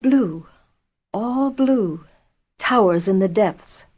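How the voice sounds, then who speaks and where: A woman voicing a weary male sledging companion who speaks in a hushed, gasping way. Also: mid-range voice, a little slow, close to an everyday voice. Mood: breathless. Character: weary male sled companion, steady and calm. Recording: dull lo-fi audio.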